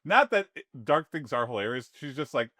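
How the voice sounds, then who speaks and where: Animated man with a bright voice. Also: on the high side, fairly quick, no room sound. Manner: animated, playful, jumps to dark jokes. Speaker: comedy podcast co-host. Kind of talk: casual comedy chat.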